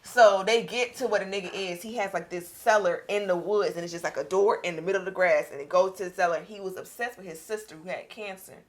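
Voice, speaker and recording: A woman's voice: mid-range voice, fast, few pauses. A young woman co-hosting a podcast, chatting casually in a blunt, rambling way. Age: young adult. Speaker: podcast co-host. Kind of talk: casual chat.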